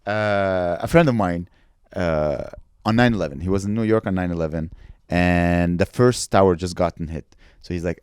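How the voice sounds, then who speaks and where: A man from Canada rambles through jokes on a comedy podcast in a low, easygoing voice. His delivery is irreverent and loose, and the sound is close and dry. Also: moderate pace, smooth, no room sound. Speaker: podcast co-host. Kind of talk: casual comedy podcast chat.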